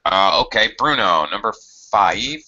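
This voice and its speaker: Slow, patient male English teacher. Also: on the low side, expressive, sharp tone. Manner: slow, patient explaining with many fillers. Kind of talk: online grammar lesson. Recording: dull lo-fi audio.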